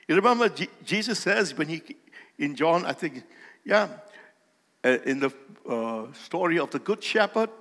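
A male pastor delivers a sermon in a slow, deliberate cadence, leaning hard on key phrases that swell in volume. His voice sits a little high and moves with lively swings of pitch. The sound carries a long reverb from the hall he speaks in. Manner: emphatic preaching with rising volume and slow stressed phrases.

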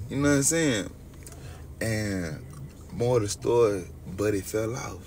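Man, young adult, gravelly, loose storyteller, livestream chat, distant phone mic, faint hum. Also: on the low side, a little slow. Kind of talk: late-night livestream chat with viewers.

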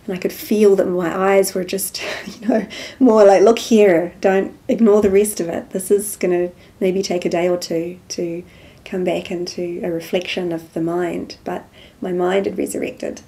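A woman, softly telling a personal spiritual story as an interview guest. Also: lowish voice, little pitch movement, normal speed, few pauses. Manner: soft-spoken storytelling, acts out quoted dialogue.

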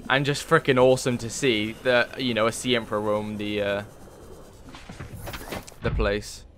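A man's voice: fairly low pitch, level tone, moderate pace, fairly bright tone, slight background noise. Chatty man thinking aloud while gaming. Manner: chatty, thinks aloud with many fillers, swears when moved. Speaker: let's play gamer. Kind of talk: casual gameplay commentary.

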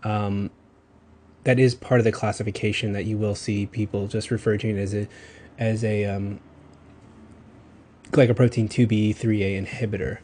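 A man from Texas with a Southern accent, giving a recorded pharmacology lecture in a casual, rambling way with quick self-corrections. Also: lowish voice, level tone, darkish tone, husky.

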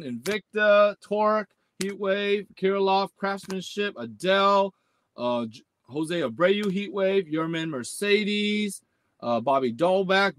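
A man hosting a live sports card break stream. He talks in slangy bursts, groans and shouts at the pulls, and rattles off the hits in a list. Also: high-pitched. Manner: slangy, repeats "man" and "let's go".

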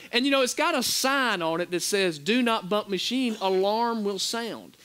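A man as pastor preaching a sermon, telling a story with animated delivery and acting out the quotes. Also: high-pitched. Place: church sanctuary.

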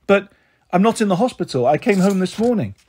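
A man's voice: high-pitched, big pitch swings, fairly quick, a little mellow, husky, heavily acted. A man voicing a kindly middle-aged woman who speaks soothingly and calls people dear, in a storybook reading.

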